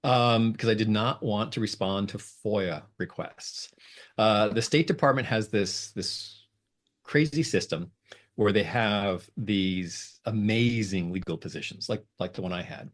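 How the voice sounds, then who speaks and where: Low-voiced man, halting and rambling. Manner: rambling with many fillers and restarts, lively pitch jumps. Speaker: guest, lawyer and negotiator. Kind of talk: conversational interview.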